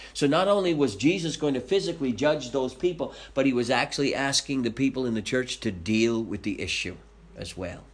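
Man teaching a Bible study. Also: medium pitch. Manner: reads scripture aloud, then explains it conversationally, asking the group questions.

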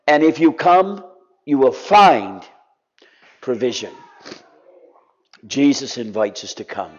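A man preaching a sermon with passion, sometimes sinking to a soft, pleading voice. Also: medium pitch, big pitch swings, slow. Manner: impassioned, drops to soft pleading. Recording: dull lo-fi sound.

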